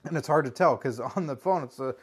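A man telling a story on a podcast in a casual, animated way, swearing freely and breaking into loud exclamations. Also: fairly high pitch, fairly quick, slightly rough.

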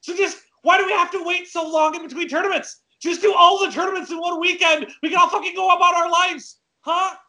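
A man playing a brash, impatient male pro golfer who rants and yells at his interviewers in a comedy sketch. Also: very high voice, steady tone, fairly quick, few pauses, exaggerated voice. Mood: ranting. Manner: yelling, exasperated, bossy ranting.

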